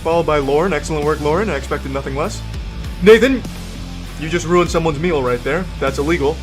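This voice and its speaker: A man's voice: on the high side, brisk, faint music behind. A man giving sarcastic, swearing mock sportscaster commentary over video clips.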